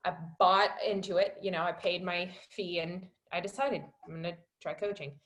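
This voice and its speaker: A woman's voice: steady tone, normal speed. Emotional storytelling woman, filler-heavy. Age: 20s. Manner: rises high and loud when reliving moments. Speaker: wellness coach. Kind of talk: personal testimony on a webinar.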